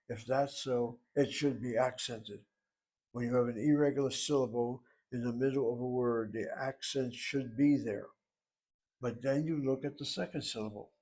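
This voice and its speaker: A man in the middle of a recorded language lesson, with a voice at an ordinary middle pitch. He works methodically through pronunciation and syllables, stops to ask rhetorical questions and then answers them himself, like a patient teacher. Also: a little mellow. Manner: methodical, explains pronunciation step by step; thinks aloud with rhetorical questions. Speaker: Hebrew teacher.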